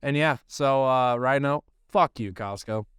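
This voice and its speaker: A man's voice: medium pitch, a little slow, a bit bright, smooth, no room sound, studio quality. A man co-hosting a baseball podcast, telling a long profane story in casual chat. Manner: profane, rambling storyteller who acts out quotes. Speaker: podcast co-host, baseball coach.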